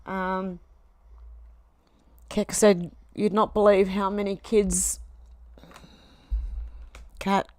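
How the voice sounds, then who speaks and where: A woman's voice: mid-range voice, little pitch movement, very slow, long pauses, darkish tone, dry recording. An Australian woman on a casual home live stream, reading chat comments aloud and chiding her cat between them.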